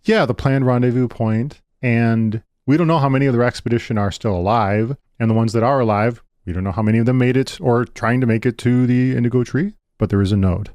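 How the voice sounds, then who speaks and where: A man co-hosting a gaming podcast from a basement, wry and quick with quips, recapping the story. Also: medium pitch, a little mellow, dry recording, clean studio sound. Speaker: podcast co-host.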